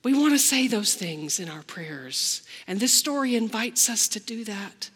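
A woman pastor delivering a slow, reflective sermon, acting out the lines she quotes. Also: mid-range voice, lively intonation, fairly bright tone, breathy edge, in a large hall.

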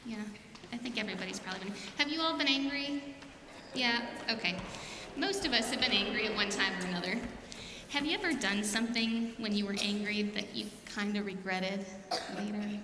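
A woman's voice: medium pitch, brisk, a crowd in the background. A woman pastor, asking questions and leading a repeat-after-me prayer in a church sanctuary. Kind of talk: sermon and children's message. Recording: echoey hall with long reverb.

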